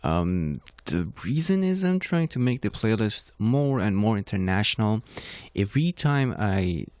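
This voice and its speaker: A man's voice: on the low side, big pitch swings, a little slow, darkish tone, dry recording. A young man with a Persian accent, talking casually and rambling a little as he introduces songs for his playlist. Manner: rambling, self-correcting, conversational. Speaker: playlist host. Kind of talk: casual solo talk.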